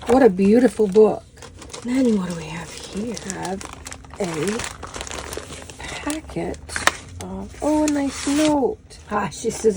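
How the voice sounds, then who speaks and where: A woman in her fifties talks through an unboxing in a relaxed, unhurried way, her voice soft and warm. She gushes over each find with small exclamations. A faint hum of noise sits behind her. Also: medium pitch, low-quality recording. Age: 50s. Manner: gushing, exclamatory, full of little "oh"s and "how fun"s. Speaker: crafting vlogger unboxing a haul. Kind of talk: casual unboxing chat.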